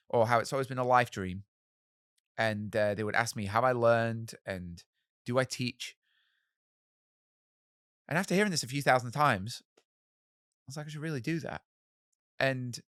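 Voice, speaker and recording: A man in his thirties, a musician guest telling animated stories in an interview and acting out the voices of people he quotes. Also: mid-range voice, dry recording, studio quality. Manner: animated, acts out quoted voices, swears casually. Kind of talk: storytelling in a podcast interview.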